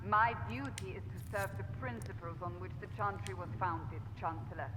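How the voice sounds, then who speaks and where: Brief: woman as resolute game warrior, measured, with faint noise and reverb behind her. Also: mid-range voice, natural voice. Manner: firm, formal, measured. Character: resolute female holy warrior. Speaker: church seeker, warrior. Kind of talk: video game voice acting.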